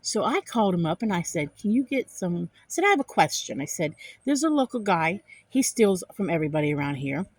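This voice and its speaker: A woman's voice: lowish voice, fairly quick, few pauses, breathy edge, no echo. A middle-aged woman, telling an angry story to the camera in a casual vlog and repeating herself for emphasis. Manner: animated, indignant retelling with repeated phrases. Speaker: vlogger.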